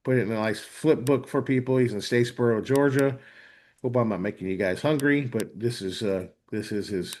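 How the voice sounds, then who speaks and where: A man's voice: medium pitch, brisk, a little mellow. A man hosting a live online webinar demo, talking with enthusiasm and often checking in with "right?". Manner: enthusiastic, frequent "right?" tags. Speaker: host.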